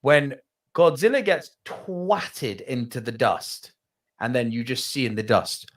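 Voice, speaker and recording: A man co-hosting a movie podcast in casual chat, animated and swearing freely. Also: mid-range voice, slow pace, slight background noise. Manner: animated, swearing, bursts into loud laughter. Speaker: podcast co-host.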